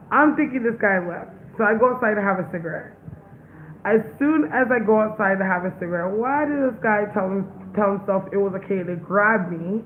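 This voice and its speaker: A young woman telling a story straight to her viewers, blunt, profane and full of emphasis. Her voice comes through thin and phone-like, with a faint hiss underneath. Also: medium pitch. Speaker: psychic medium vlogger. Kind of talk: casual storytelling.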